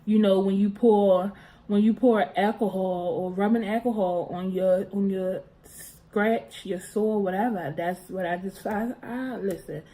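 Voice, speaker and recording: Young woman, casual storyteller, animated, mellow voice. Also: medium pitch, a little slow, rough recording. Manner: animated, expressive, talks with her hands. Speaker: vlogger.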